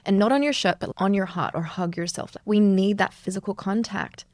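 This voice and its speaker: A woman's voice: mid-range voice, fairly quick, a little mellow, no room sound. A woman from Australia, a yoga teacher talking earnestly and animatedly as a guest in a reflective interview, laughing often.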